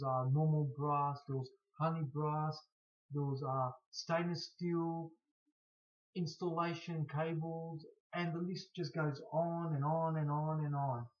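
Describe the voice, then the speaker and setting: Casual vlogger, male, blocked nose, halting delivery with restarts; slightly high voice, dull recording. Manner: halting, stuttering, frequent restarts. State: blocked nose from hay fever. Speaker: scrap collector vlogger. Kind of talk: casual to-camera Q&A.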